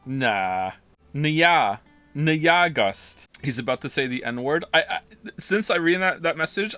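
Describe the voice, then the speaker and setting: Male streamer, rambling casual chat, bright, slightly high voice. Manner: rambling, self-interrupting, reading chat aloud. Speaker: live streamer playing a game. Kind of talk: casual live-stream commentary.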